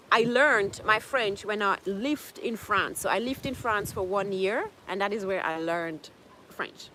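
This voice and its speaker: A woman livestreams casually from home in Jamaica, reading out viewer comments, laughing frequently and dropping into French. She speaks at medium pitch in a pushed, bright way, and a faint hiss or hum sits under the audio.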